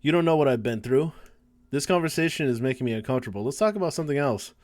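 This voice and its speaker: A man's voice: medium pitch, animated, fast, darkish tone. A male streamer chatting casually through a live game session. He curses freely and stumbles when he reads lines aloud. His voice sits in an everyday middle range. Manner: casual, swears often, stumbles while reading aloud.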